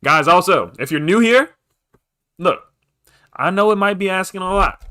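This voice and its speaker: Hyped young man with a lively voice. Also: sits high, normal speed. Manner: hyped, pushy about likes, shout-outs. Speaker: crypto streamer. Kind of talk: live stream chat. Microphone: desk microphone.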